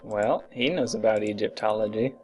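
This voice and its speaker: A man with a somewhat low voice plays an adventure game while chatting with a friend. His remarks are dry and deadpan. Faint game music sits behind him. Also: normal speed. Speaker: let's play co-host. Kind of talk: casual gameplay commentary.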